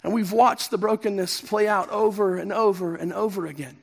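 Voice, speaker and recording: A middle-aged male pastor preaching a sermon, swinging from emphatic peaks down to soft, quiet passages. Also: high-pitched, fast, vocal fry, few pauses. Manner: impassioned, rising to emphatic peaks then dropping soft. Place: church sanctuary.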